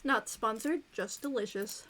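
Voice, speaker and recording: A woman chatting quickly and playfully to her stream chat while she plays a cozy innkeeping game. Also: fairly high pitch, a bit bright, slight background noise.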